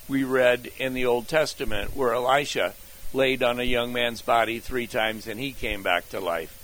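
An older man preaches at an unhurried pace, his voice sitting at a middle pitch. He moves through his sermon outline point by point, deliberate and steady. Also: rough recording. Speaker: pastor.

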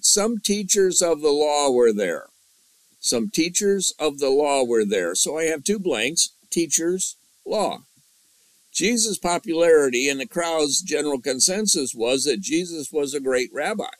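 A man's voice: on the high side, very animated, measured pace, no room sound, rough recording. A man teaching a Bible study from an outline, repeating key lines and asking his class questions.

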